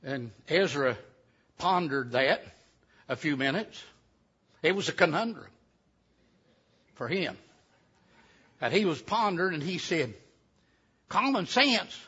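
A man's voice: fairly high pitch, animated, measured pace, long pauses, a bit bright, slightly rough. A man telling a folksy tale to a live audience, with chatty asides. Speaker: storyteller. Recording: dull lo-fi recording.

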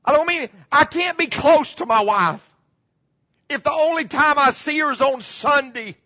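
A middle-aged male pastor preaching a sermon, repeating key phrases and dropping into hushed tones. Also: very high voice, moderate pace. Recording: muffled, slightly lo-fi.

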